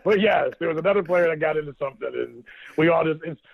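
A man in his thirties tells a story in a loose, animated way, breaking into laughter and acting out what others said. His voice sits on the high side. It comes through a thin, phone-like line with no room sound. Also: quick pace, vocal fry, no echo. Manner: animated storyteller, laughs often, quotes people. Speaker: former football player, guest. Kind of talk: casual storytelling on a call-in show.

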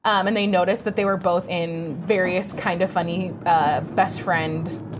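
A woman's voice: lowish voice, fairly even intonation, unhurried, background noise. A woman co-hosting a morning chat show, reading out viewer messages in an upbeat, chatty way. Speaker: co-host. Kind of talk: casual chat.

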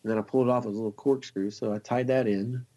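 A man, a fly tier, telling a long story in a casual, excited, rambling way and laughing often. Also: mid-range voice, racing.

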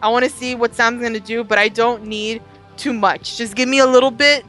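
A young woman co-hosting a podcast, chatting casually about a TV episode, swearing freely and throwing in quick asides. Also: on the high side, fairly even intonation, a bit bright, soft background music, rough recording. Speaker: podcast co-host. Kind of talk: casual chat.

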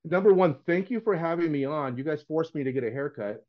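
Middle-aged man, higher-pitched voice, earnest, rambling restarts, muffled lo-fi sound. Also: animated, brisk. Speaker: painting contractor guest. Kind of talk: casual podcast chat.

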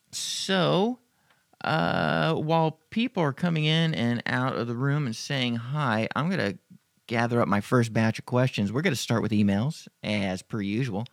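A man's voice: medium pitch, animated, unhurried, vocal fry, no echo, studio quality. A man hosting a podcast, answering listener emails in a rambling, profane, joking way. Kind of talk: casual Q&A chat.

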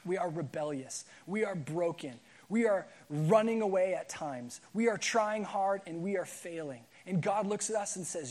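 A man with a fairly high voice preaches a sermon in a loose, conversational way. He tells stories as he goes, with plenty of fillers and false starts. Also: animated, normal speed, few pauses, a little mellow. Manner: conversational storytelling with fillers and restarts. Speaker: pastor.

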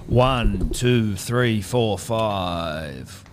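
A young man, co-hosting a podcast in casual chat and telling stories in an animated, self-mocking way. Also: fairly low pitch, extremely slow, noisy background. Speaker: podcast co-host.

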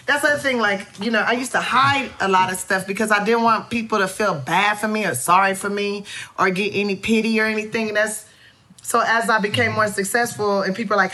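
A woman from Los Angeles with a bright, forceful voice, speaking as a guest in a relaxed chat. She talks bluntly and swears casually, at a middle pitch. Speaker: comedian guest.

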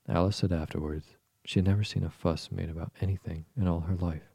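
A man narrating a bedtime story in a calm, even, soothing reading. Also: deep voice, brisk, creaky, hardly any pauses, husky, no room sound, studio quality.

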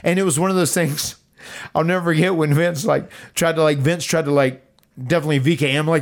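A man hosting a podcast, telling a story in a loose, animated way and acting out quotes. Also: fairly quick. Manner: animated, acts out quotes with rising pitch. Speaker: podcast host. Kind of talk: casual storytelling.

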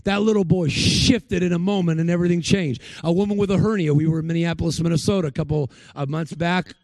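Man preaching a sermon, gravelly voice, a bit high, dry close sound. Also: steady tone, fast, darkish tone, no room sound. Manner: storytelling, acts out the people he quotes.

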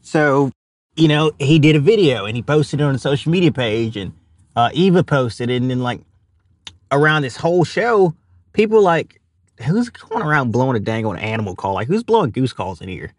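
The speaker is a young Louisiana man with a drawl, appearing as an interview guest and animal caller, who tells a story while impersonating its characters and laughing. His mid-range voice is sing-song at a normal speed. The sound is close and dry, free of echo.

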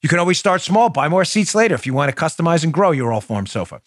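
A man's voice: fairly high pitch, sing-song, fast, dry recording, clean studio sound. A man hosting a political talk show, talking in an emphatic, punchy, conversational way and reading ads. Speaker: host.

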